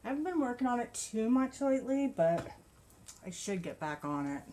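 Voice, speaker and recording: A woman's voice: fairly high pitch, very animated, moderate pace, background noise. A woman vlogger chatting casually about her crochet projects and yarn, gushing and laughing often. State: a bit out of breath. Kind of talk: casual show-and-tell chat.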